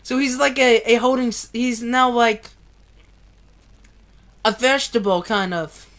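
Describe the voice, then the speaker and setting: A woman's voice: fairly high pitch, a little slow, fairly bright tone. A woman reading a novel aloud with casual commentary, emotional and tearful and swearing often. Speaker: book reader.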